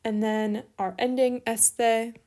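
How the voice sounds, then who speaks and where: A young woman teaching an online Greek lesson, spelling out each form at an unhurried pace. Her voice sits a little high. She talks as she writes and now and then says sorry for repeating herself. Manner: steady, step-by-step explaining while writing, with small apologies.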